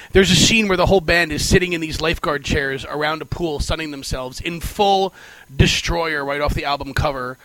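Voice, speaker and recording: A man with a slightly high voice tells a story in a lively, mocking tone, unable to believe how bad the thing he is describing is. The sound is dry and close, with no room echo. Casual comedic chat. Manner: animated storyteller, mocking and incredulous.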